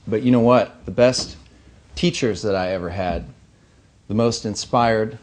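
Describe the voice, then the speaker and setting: A man's voice: on the low side, unhurried. A man in his thirties from Missouri giving a keynote speech at an awards banquet, earnest and anecdotal with light humor. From Missouri, USA. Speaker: keynote speaker. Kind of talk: ceremony speech. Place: banquet hall.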